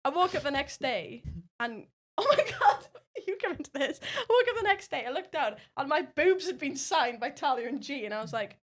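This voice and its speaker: A young woman telling a story as a podcast guest, animated, laughing often and swearing freely. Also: sits high, moderate pace, hardly any pauses. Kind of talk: casual storytelling.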